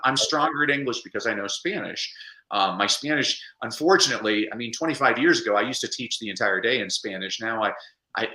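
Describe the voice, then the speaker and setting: A man speaking as a guest in a casual interview, animated and playful, often putting on quick voices to make a point. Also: fairly low pitch, roomy sound, low-quality recording. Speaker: guest speaker and literacy coach. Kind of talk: casual video call interview.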